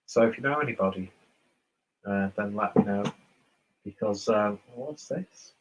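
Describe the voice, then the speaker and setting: A man's voice: on the low side, moderate pace, dull audio, a little hiss or hum. A man from northern England with a posh southern English accent, rambling casually through viewer comments as host of a beer livestream. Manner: rambling, self-mocking, chatty. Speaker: beer reviewer streaming host.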